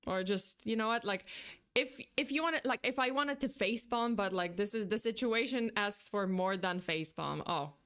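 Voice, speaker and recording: A woman's voice: medium pitch, moderate pace, a bit bright. A young adult woman streaming in casual chat, rambling and exasperated, who swears and breaks into outbursts of disbelief.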